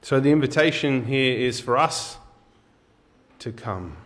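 A man's voice: medium pitch, expressive, unhurried, fairly bright tone. A man preaching a sermon, reading scripture aloud and then explaining it in an earnest, emphatic way with occasional fillers and restarts.

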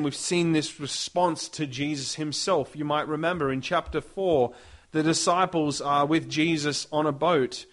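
A man preaching a sermon, reading scripture aloud with dramatic emphasis. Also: a little high. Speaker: pastor.

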